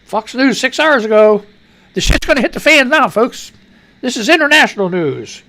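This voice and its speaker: Male radio host, gravelly and sarcastic, lively pitch, rambling news commentary. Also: normal speed. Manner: crude, mocking, rambling asides.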